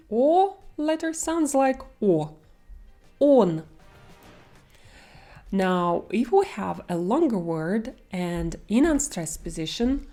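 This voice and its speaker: Slow, mellow-voiced Russian-accented woman teacher. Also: medium pitch. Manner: slow, careful, stretching out example words. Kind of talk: online language lesson.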